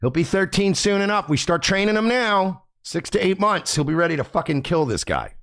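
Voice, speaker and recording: Loud ranting male streamer, gravelly, swings high and low, profane and combative. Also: sing-song, a little fast. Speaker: livestream host. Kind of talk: ranting livestream commentary. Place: home by the beach.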